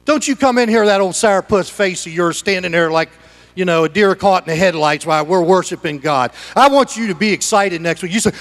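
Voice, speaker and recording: A middle-aged male pastor with a high voice preaches in his church sanctuary. He swings from hushed, conversational asides to loud, excited shouting as he urges the congregation on. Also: a little fast. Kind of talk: sermon.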